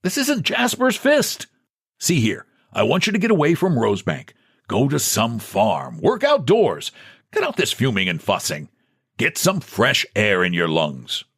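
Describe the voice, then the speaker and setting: A smooth bank president talks down with easy condescension, as a man puts him on. His voice bounces, lively and a little raised. The sound is dry and close. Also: medium pitch, a little slow, no echo, exaggerated voice. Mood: patronizing. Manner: breezy, patronizing.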